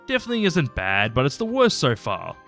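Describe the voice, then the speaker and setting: A man's voice: medium pitch, huge pitch swings, brisk, vocal fry, music in the background. A man giving a casual, opinionated episode-by-episode review, chatty and sometimes swearing. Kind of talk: casual commentary ranking episodes.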